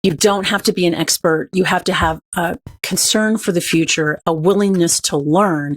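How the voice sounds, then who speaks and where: A woman guest on a podcast with a slightly low voice. She tells her stories in an earnest, upbeat way and keeps the talk moving. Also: normal speed. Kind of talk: conversational interview.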